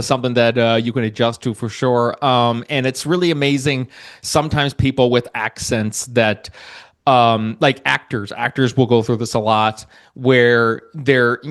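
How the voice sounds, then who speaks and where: A man hosting a podcast, talking casually with many restarts and asides. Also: mid-range voice. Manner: rambling, many restarts and fillers, laughs easily. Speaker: podcast host.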